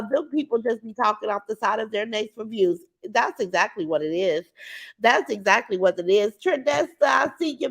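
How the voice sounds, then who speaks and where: A woman hosting a casual livestream from her couch at home, talking to her chat through her computer in a brash, outspoken, boastful way. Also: mid-range voice. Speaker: livestream host reading chat. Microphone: computer mic.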